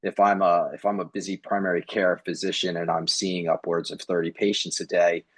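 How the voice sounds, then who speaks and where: A man's voice: low voice, little pitch movement, fairly quick, dry recording. A man who works as a physician, speaking as a panelist and explaining points in a thoughtful way. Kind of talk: panel discussion.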